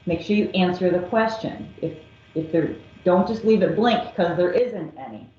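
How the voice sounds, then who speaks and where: In an echoey, dull lo-fi classroom recording, a woman teacher with a warm, animated, lowish voice explains a calculus problem. She goes slowly and methodically, taking each step with patience.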